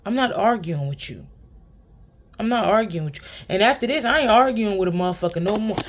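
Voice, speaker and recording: A woman speaking gives blunt, profane spiritual advice in a loose, casual monologue. Her voice sits in a middle pitch, and she keeps breaking into laughter and repeating her lines for emphasis. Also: expressive, a little fast. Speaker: spiritual tarot reader.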